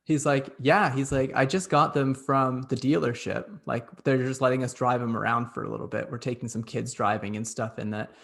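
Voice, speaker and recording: A man's voice: medium pitch, fairly even intonation, moderate pace, vocal fry, hardly any pauses, a bit bright. A young man hosting, telling a chatty, upbeat story full of "like". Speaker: host. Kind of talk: casual chat.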